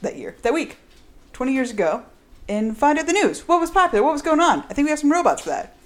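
Brief: giggly woman podcast host, higher voice, playful chat. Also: very animated, quick pace. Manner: giggly, playful, stumbles over words. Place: echoey room.

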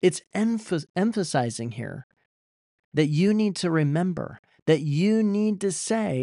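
Earnest pastor preaching with emphatic pleas. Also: male voice, high voice, expressive, slow, vocal fry, warm tone, no echo, studio quality. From Iowa, USA. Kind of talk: sermon.

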